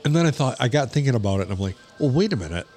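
A man co-hosting a podcast, chatting casually in a mid-pitched voice. He tells his stories in a rambling way and keeps restarting his sentences. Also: very animated, racing, darkish tone, soft background music. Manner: rambling storytelling, frequent restarts. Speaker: podcast co-host. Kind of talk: casual chat.

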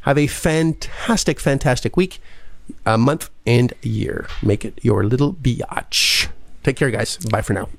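A man's voice: medium pitch, measured pace, creaky, a little hiss or hum. A man hosting a podcast, chatting casually with an upbeat manner and closing the show. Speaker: podcast host. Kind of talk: casual chat and sign-off.

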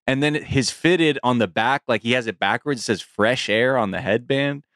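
A man co-hosting a podcast in casual, joking chat, slipping into quick impressions. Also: mid-range voice, fairly bright tone, no room sound, clean studio sound. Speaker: podcast co-host.

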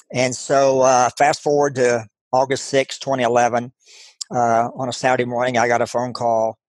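Texan man, middle-aged, halting earnest storytelling, mid-pitched, dry close sound. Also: no echo. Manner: halting, earnest, many restarts and fillers. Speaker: guest. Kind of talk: storytelling interview.

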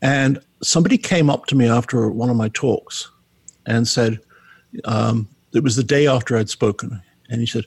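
A man's voice: mid-range voice, normal speed, husky, dry recording. A man talking as a guest on a podcast interview, candid and wry about himself. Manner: candid, wry, self-deprecating. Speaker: guest, book author.

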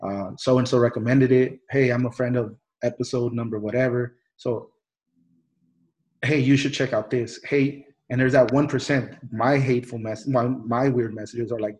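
A man's voice: mid-range voice, fairly even intonation, moderate pace, a little mellow, rough recording. Rambling casual male podcast host. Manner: rambling, many restarts and fillers, swears.

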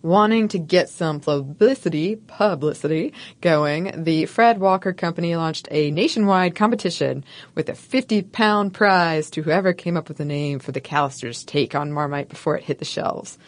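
Woman, podcast co-host, lowish voice, wry playful storytelling, scripted narration with banter. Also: moderate pace.

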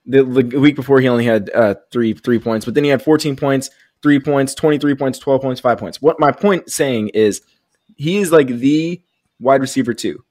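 A man's voice: medium pitch, moderate pace, a little mellow, dry recording. Confident man in casual sports talk, dry sound. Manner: confident, teasing. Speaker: podcast co-host.

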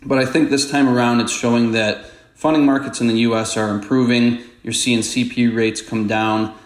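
A man who is a market strategist, giving measured, analytical commentary as a podcast guest. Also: medium pitch. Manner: measured, explanatory, steady. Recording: roomy echo.

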